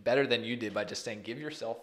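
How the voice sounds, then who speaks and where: A man co-hosting a fitness podcast, chatting in an animated, self-deprecating way. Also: mid-range voice, quick pace. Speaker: podcast co-host, fitness coach. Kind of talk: casual podcast chat.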